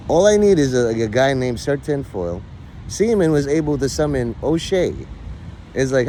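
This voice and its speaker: A man's voice: mid-range voice, very animated, moderate pace, dark tone, a little hiss or hum. A middle-aged man livestreaming, rambling in crude, mock-bossy rants at his viewers. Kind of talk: casual rant chat.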